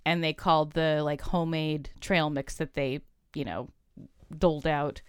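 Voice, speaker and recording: A woman's voice: deep voice, steady tone, unhurried, clear, resonant tone, dry recording, clean studio sound. A woman co-hosting a podcast, chatting frankly about commercials and often correcting herself mid-sentence. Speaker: podcast co-host. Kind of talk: casual chat reviewing ads.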